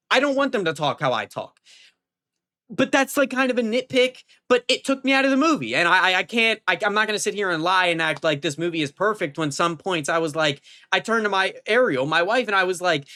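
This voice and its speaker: A man's voice: expressive, brisk, pushed and bright. A young man giving a casual, rambling movie review vlog, full of fillers and restarts, now and then swearing, his voice jumping up when he gets emphatic. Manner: pitch jumps up when emphatic.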